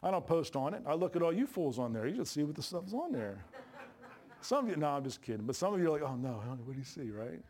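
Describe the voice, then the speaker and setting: A man's voice: fairly high pitch, very animated, fast talker, darkish tone. Joking, folksy male preacher. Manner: folksy, joking preacher with Southern-style colloquial grammar. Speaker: pastor. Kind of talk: sermon. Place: church sanctuary. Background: congregation responses.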